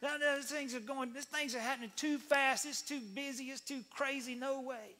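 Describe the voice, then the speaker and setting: Man putting on a shrill, panicked Mary. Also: steady tone, moderate pace, pushed and bright. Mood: frantic. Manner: shrill, exasperated, pleading. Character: distraught pregnant young woman, Mary.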